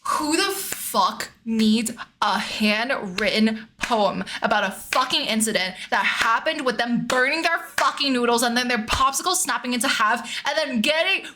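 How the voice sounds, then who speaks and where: A woman's voice: on the high side, unhurried, hardly any pauses, a little hiss or hum. A young woman streamer in her twenties telling a story in casual chat. She swears freely, laughs often and acts out her own lines. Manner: animated, swears freely, laughs often, voices herself in quotes.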